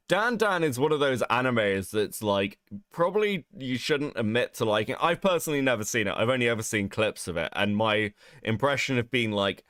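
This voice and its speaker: Animated young man reacting. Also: mid-range voice, measured pace, no room sound, studio quality. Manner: animated, laughs often, swears freely. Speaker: streamer co-host. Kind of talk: casual reaction commentary.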